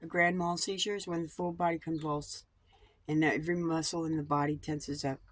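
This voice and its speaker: A woman's voice: low-pitched, fairly even intonation, fairly quick, no room sound. A woman vlogger talking in a rambling personal monologue about coping, blunt and digressive, swearing freely.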